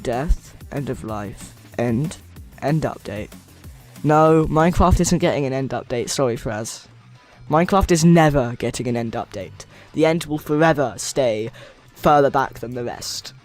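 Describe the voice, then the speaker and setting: This young American man is live, building a game and reading viewers' chat aloud as he rambles and jokes with them. He speaks unhurriedly at medium pitch, with faint music behind him.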